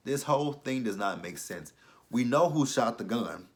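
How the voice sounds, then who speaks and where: A man's voice: medium pitch, expressive, moderate pace. A man recapping a TV episode in a casual vlog, blunt and profane, with incredulous asides. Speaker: TV episode reviewer.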